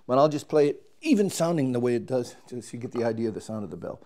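A man's voice: mid-range voice, lively intonation, quick pace, warm tone. A man, a trumpet player, casually explaining and demonstrating his instrument, thinking aloud as he works and restarting his sentences.

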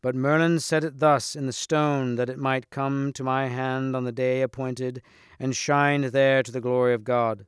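Devout young storybook knight, calm and assured, male reader, dry mic. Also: medium pitch, a little slow, smooth, no echo, lightly acted. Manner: serene, assured.

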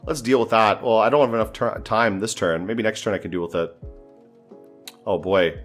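A man's voice: fairly low pitch, fairly even intonation, normal speed, faint music behind. A man thinking aloud as he plays a strategy game, often exasperated and swearing. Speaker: gameplay commentator. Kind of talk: casual gameplay commentary.

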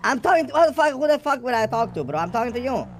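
Man, high-pitched, in-character role-play, rambling, profane, faint background hiss. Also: sing-song, racing. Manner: rambling, heavy swearing, laughs at himself. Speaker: role-play gang member.

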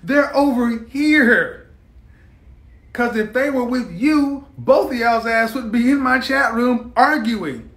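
A man hosts a live stream in a blunt, mocking, combative rant. His voice sits fairly high for a man. The sound carries the echo of a roomy space. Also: slow pace, a bit bright.

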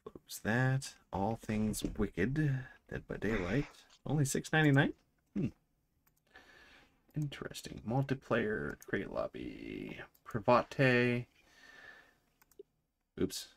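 Slow, lively-pitched woman streamer. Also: creaky, husky. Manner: laid-back, narrating game menus. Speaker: streamer host. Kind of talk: casual livestream chat.

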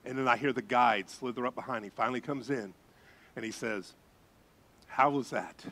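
A middle-aged man preaching as a pastor, telling a story with lively voices and gasps. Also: mid-range voice, fairly quick. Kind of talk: sermon storytelling.

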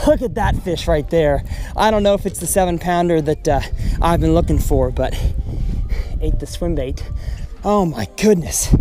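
A man's voice: a little high, moderate pace, dark tone. A young man narrating his own fishing trip outdoors on a river, exclaiming and repeating phrases as he goes. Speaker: fishing vlogger. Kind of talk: excited fishing vlog commentary.

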